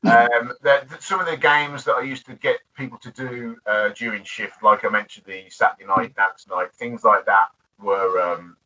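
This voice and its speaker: A man's voice: mid-range voice, fairly even intonation, moderate pace, hardly any pauses, sharp tone. A man being interviewed about his bartending years, chatty and laughing often, with many restarts. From United Kingdom. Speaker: interview guest, former bartender. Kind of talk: casual interview. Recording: distant, dull lo-fi audio.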